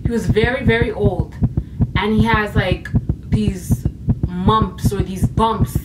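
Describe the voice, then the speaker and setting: A woman's voice: medium pitch, fairly even intonation, slow pace, very noisy. A woman telling her own ghost story as a casual storytime vlog, emotional and dramatic, with sighs and exclamations. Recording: voice a bit distant from the mic.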